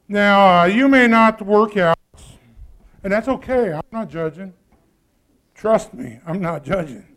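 A man's voice: high-pitched, animated, unhurried, long pauses, fairly bright tone. A man preaching a sermon in a conversational way, often putting questions to the congregation. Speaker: pastor.

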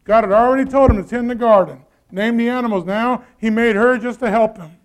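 A man's voice: very high-pitched, a little fast. A man preaching a sermon in a conversational way, often putting questions to the congregation. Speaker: pastor.

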